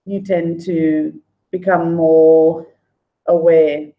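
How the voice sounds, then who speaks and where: A woman's voice: sits low, flat delivery, very slow, narrow, tinny audio. A woman chatting casually on a livestream, greeting viewers by name. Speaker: livestream host. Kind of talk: casual livestream chat, reading viewer comments.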